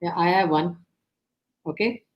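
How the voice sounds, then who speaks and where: A woman's voice: lowish voice, measured pace. A woman interviewer following a drawing exercise, answering with brief acknowledgments and echoing words back over a video call.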